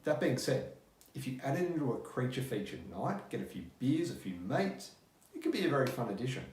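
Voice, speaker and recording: A man's voice: medium pitch, big pitch swings, brisk, darkish tone. A man reviewing a movie in a chatty, loose way, with fillers and blunt swearing. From Australia. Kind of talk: casual spoken review. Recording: echoey room.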